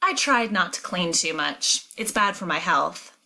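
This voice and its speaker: A woman teacher reading a novel aloud and explaining it, clear and emphatic. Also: on the low side, lively intonation, unhurried, sharp tone.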